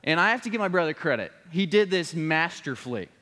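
A man preaches a sermon from the pulpit, his voice sitting a little high for a man. He tells a family story in an earnest way and builds toward a solemn appeal. The long reverb of a large church hall trails after his words. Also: expressive, fairly quick, bright, forceful tone.

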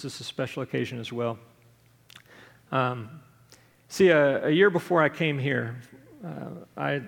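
A man's voice: mid-range voice, creaky. A man preaching a sermon as pastor, earnest, telling a story and acting out the quoted voices. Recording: long hall reverb.

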